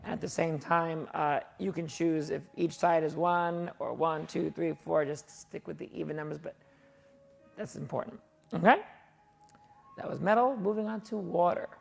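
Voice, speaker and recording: Qigong teacher, woman, very gravelly and low, chatty guiding tone, faint music behind. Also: fairly even intonation, normal speed. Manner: chatty, folksy instructions with asides. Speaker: qigong instructor. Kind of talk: guided exercise class. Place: martial arts and fitness studio.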